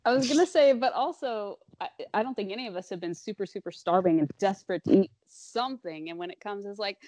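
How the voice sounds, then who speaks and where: A woman co-hosting a casual book-club podcast, chiming in with quick jokes. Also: mid-range voice, darkish tone, dry recording. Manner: quick, joking interjections. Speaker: podcast co-host.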